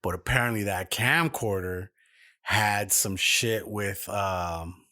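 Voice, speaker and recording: A man's voice: fairly low pitch, takes it slowly, bright, forceful tone. A man co-hosting a podcast, casually retelling a long story with lots of swearing and fillers. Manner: profane, rambling retelling with many fillers. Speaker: podcast co-host. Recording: music playing behind.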